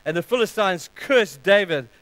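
Man, pastor, earnest sermon, animated storytelling, slightly high voice, dry recording. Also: moderate pace, no room sound, low-quality recording.

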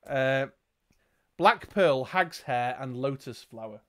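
A man's voice: medium pitch, expressive, slow pace. A man narrating a gamebook as game master, with dry joking asides. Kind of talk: reading and narrating a gamebook playthrough.

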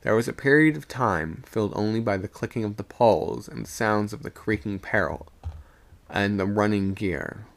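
A man reading a ghost story aloud on a live stream, slow and suspenseful. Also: fairly low pitch, gravelly.

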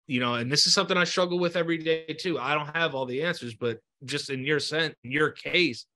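A man's voice: medium pitch, sharp tone. A man hosting an interview show, talking earnestly and encouragingly, repeating himself and swearing freely. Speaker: podcast host. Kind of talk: heartfelt interview chat.

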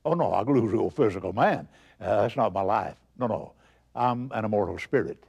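A man's voice: fairly low pitch, moderate pace, vocal fry, darkish tone, husky, lo-fi sound. A man preaching a broadcast sermon, asking rhetorical questions and answering them himself with emphasis.

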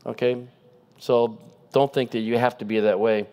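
A man giving a guest sermon in a conversational style, animated and asking the congregation rhetorical questions. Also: mid-range voice, moderate pace. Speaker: guest preacher.

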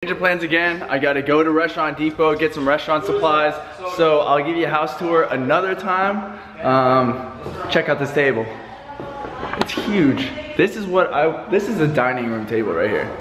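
A young man talking casually to his camera as a real estate agent, excited and rambling with restarts. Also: a little high, moderate pace. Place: outdoors and in a car, then inside a house. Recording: noisy outdoor and car ambience. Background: air conditioning and traffic noise.

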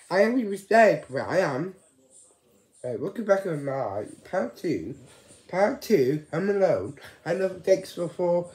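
A man chatting casually on his vlog, rambling and halting, often repeating his words. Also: a little high, a little mellow, echoey room. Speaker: vlogger.

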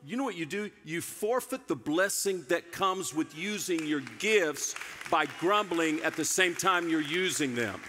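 Pastor, man, preaching, bright and forceful, slightly high, long reverb of a church hall. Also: expressive, a little slow. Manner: playful, self-teasing, repeats phrases. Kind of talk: sermon. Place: church sanctuary.

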